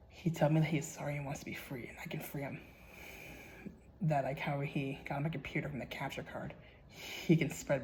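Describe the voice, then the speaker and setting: A man's voice: medium pitch, vocal fry, low-quality recording. Male channel host, mid-range voice, casual horror read-aloud, stumbly, swears a lot, faint background hiss. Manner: stumbling, repeating words, swearing freely.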